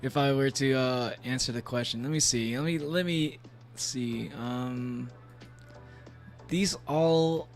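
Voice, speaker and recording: A man's voice: mid-range voice, slow, soft background music. A man chatting casually on a game stream, rambling with many fillers and frequent laughs. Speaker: VTuber streamer.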